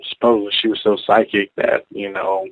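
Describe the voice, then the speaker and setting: A man's voice: fairly low pitch, flat delivery, moderate pace. A male caller from Oklahoma chatting casually and rambling, with lots of fillers, over a phone line. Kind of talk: casual call-in chat.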